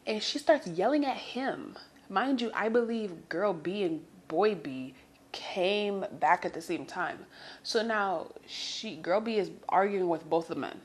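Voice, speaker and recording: A young woman telling a story in a chatty, animated way, swearing freely and talking to her listeners as girl. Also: on the low side. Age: young adult. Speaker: storytime vlogger. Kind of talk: casual storytelling.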